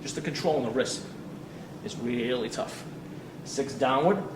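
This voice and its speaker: A man demonstrating warm-up drills as a fitness coach, talking with energy and counting reps as he exercises, sometimes out of breath. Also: mid-range voice, a little slow. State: out of breath at times. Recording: roomy, distant mic with ambient noise.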